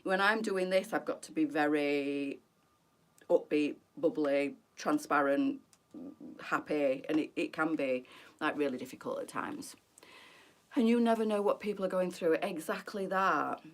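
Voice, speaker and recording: Candid middle-aged woman, low voice. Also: measured pace. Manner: candid and emotional, answering viewer comments by name. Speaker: boutique presenter on a live stream. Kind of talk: chatty live stream talking to viewers.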